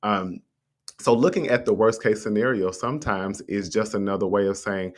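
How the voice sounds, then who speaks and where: A man hosting a motivational livestream talk, speaking conversationally and straight to his listeners, his pitch swinging up on rhetorical questions. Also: moderate pace. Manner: conversational and encouraging, addresses listeners directly. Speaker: host. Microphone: streaming setup with a mute button.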